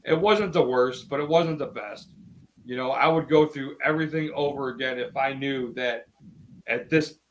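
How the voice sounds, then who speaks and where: A man's voice: medium pitch, moderate pace, rough recording. A man co-hosting a casual podcast chat, talking in a rambling, profane way with many restarts. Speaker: podcast co-host.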